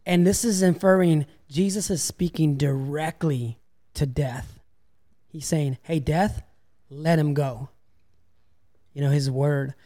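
A man's voice: fairly high pitch, slow, long pauses, mellow. A man co-hosting a casual faith discussion podcast, speaking reflectively and casually, with fillers like "man" and "you know.". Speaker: podcast co-host.

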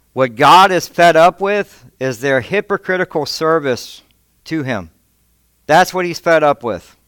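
A pastor from Texas, United States, preaches an impassioned sermon in church, repeating words and restarting phrases as he builds his points, growing higher and more forceful when quoting God. His voice is a bit bright and clean, with no echo.

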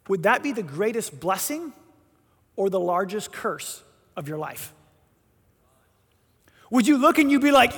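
A man preaching a sermon, telling a story with animated, emphatic delivery and voiced quotes. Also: sits high, a little slow, long pauses, husky. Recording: long hall reverb.

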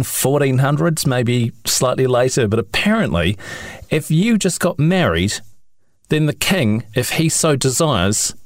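A man's voice: mid-range voice, dry recording, studio quality. A man co-hosting a podcast in casual chat, blunt and irreverent, cursing for emphasis. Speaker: podcast co-host.

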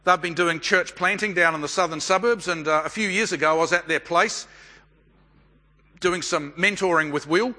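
Bright-voiced Australian preacher in a hall. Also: male voice, sits high. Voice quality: measured, deliberate pauses. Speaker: pastor. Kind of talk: sermon with a storytelling manner. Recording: long hall reverb.

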